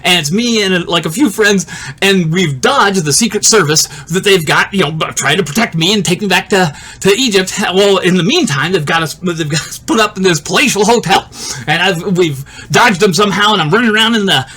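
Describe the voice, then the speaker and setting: Man, very high voice, bright tone, animated casual storyteller, laughs and swears a lot. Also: fairly quick, husky. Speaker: video creator telling a personal story.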